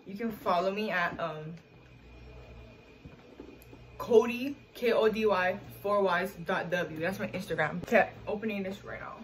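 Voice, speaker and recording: A woman opening a present and introducing herself in a low-key, hesitant way. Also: measured pace, pauses often, a little hiss or hum, poor audio. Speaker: friend opening a gift. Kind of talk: casual vlog chat.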